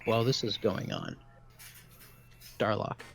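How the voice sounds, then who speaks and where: Gravelly low-voiced man running a tabletop game. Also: slight background noise. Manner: relaxed, halting descriptions. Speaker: dungeon master.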